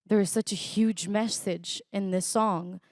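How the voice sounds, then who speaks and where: Slow-spoken young woman. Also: mid-range voice, fairly even intonation, darkish tone, dry recording, studio quality. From Israel. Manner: reflective, halting with fillers. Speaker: interview guest. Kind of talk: recounting a personal story. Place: conference stage.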